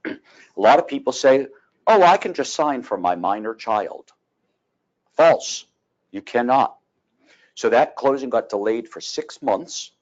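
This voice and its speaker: Throat-clearing man lecturing in lo-fi audio. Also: on the low side, a little mellow. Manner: frequent throat clearing, folksy storytelling. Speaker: real estate attorney teaching a class. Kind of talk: continuing education lecture.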